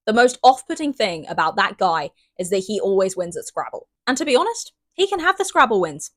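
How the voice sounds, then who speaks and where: A woman's voice: mid-range voice, no echo. Chatty young british girl doing a book vlog, dry close sound, gets squealy and dramatic. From Great Britain. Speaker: book vlogger. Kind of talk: casual book review vlog.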